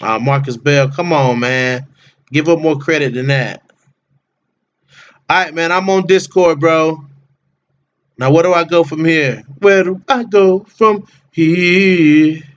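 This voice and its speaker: A man hosts a casual livestream and greets his viewers by name in easy slang. He speaks slowly, with plenty of room between his words. The sound is a little dull and lo-fi. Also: fairly high pitch, clean tone. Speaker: livestream host.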